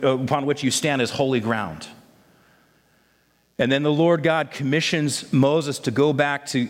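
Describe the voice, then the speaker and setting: A man preaching a sermon, telling the story in a lively way and acting out the voices of the people in it. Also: medium pitch, big-room sound. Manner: animated storytelling, acts out voices of disciples.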